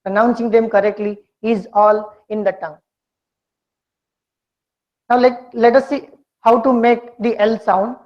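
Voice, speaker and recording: A woman teaching a pronunciation lesson, speaking slowly and deliberately and repeating words for her students to copy. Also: on the high side, steady tone. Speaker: English communication skills teacher. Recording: dull lo-fi lecture recording.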